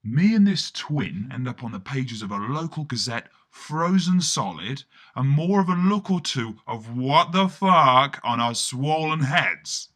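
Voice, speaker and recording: Slow, bright-voiced wry male storyteller. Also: medium pitch, big pitch swings. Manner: wry, rambling, self-mocking. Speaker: narrator. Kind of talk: first-person comic storytelling.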